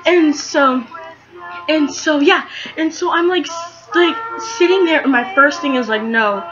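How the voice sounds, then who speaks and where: Excitable rambling teen girl storyteller. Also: high voice, unhurried, dull audio, over music. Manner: rambling, excitable, lots of fillers. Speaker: vlogger. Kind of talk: casual storytelling vlog.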